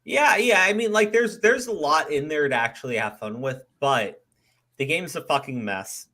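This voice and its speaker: A man's voice: fairly high pitch, expressive, moderate pace, pushed and bright. A man hosting a podcast in casual chat, rambling and often restarting his sentences, with frequent casual swearing. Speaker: podcast host.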